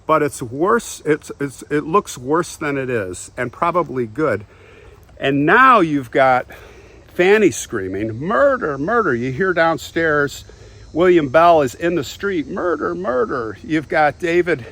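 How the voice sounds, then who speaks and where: A man casually retelling a historical crime, animated, briefly acting out the quotes as he goes. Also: medium pitch. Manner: animated, acts out quotes in passing. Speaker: history storyteller.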